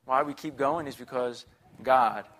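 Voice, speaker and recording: Upbeat, bright-voiced young preacher. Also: male voice, medium pitch, a little slow, slight background noise. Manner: conversational, upbeat, chatty with the congregation. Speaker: guest preacher. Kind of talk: sermon.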